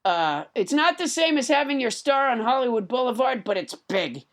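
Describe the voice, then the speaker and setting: A woman hosting a comedy podcast, rambling and giggly, with halting restarts. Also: a little high, very animated. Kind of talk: comedic banter.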